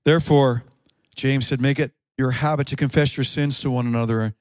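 A man preaching a sermon, moving between quick spoken stretches, slow drawn-out phrases and sudden shouted peaks. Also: medium pitch, fairly even intonation, no echo. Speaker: pastor.

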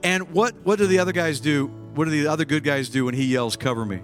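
A man preaching a sermon to a church congregation, animated and acting out scenes with sudden shouts. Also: on the high side, quick pace, music in the background. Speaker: pastor. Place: church with live and online congregation.

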